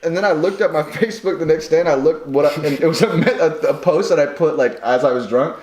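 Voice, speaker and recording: A man's voice: a little high, fast talker, darkish tone. A young man co-hosting a podcast, telling a rambling drunk story with lots of swearing and laughter. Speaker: podcast co-host. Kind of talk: casual chat. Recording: echoey room with noise.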